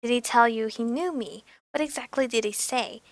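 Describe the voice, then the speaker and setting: A woman voicing a sly young sorceress who cursed men, reading game dialogue aloud in a calm, probing way. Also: a little high, normal speed, no room sound, close to an everyday voice. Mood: storytelling. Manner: calm, cool, probing questions.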